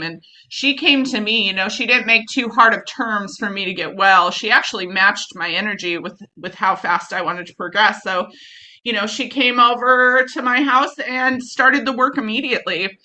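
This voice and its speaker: A woman's voice: mid-range voice, moderate pace, bright, forceful tone. A middle-aged woman telling her recovery story in a blunt, profane, self-mocking way, acting out the people she quotes. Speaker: speaker sharing recovery story. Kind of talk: candid personal story talk.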